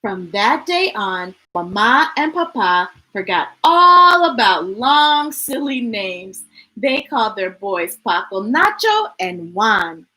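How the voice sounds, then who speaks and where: A woman reading a picture book aloud to children, high-pitched and bright. Her sing-song narration rises and falls widely. She takes an unhurried pace. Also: very animated, low-quality recording. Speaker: storytime reader. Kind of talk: children's story read-aloud.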